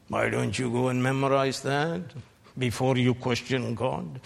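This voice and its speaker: A man preaching a fiery sermon, slow and emphatic, climbing to shouted peaks. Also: medium pitch, fairly even intonation, vocal fry. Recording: long reverb of a large hall.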